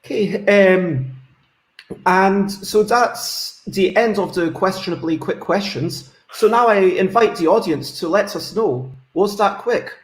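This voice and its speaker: Relaxed man host, echoey room. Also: high-pitched, a little slow. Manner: relaxed, hesitant, frequent "um"s. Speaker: show host, interviewer. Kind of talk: casual interview chat. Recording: roomy echo.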